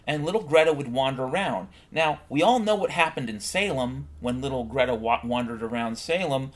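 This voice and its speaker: A man's voice: medium pitch, lively intonation, a little fast. A man hosting a solo podcast, ranting bluntly and swearing often in a heated monologue. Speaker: podcast host.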